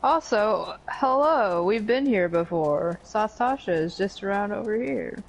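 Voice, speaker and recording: A woman's voice: medium pitch, lively intonation, unhurried, vocal fry, rough recording. A woman chatting and joking casually while playing a video game with a friend. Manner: giggly, jokey banter. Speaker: let's play co-host. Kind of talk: casual gameplay chat.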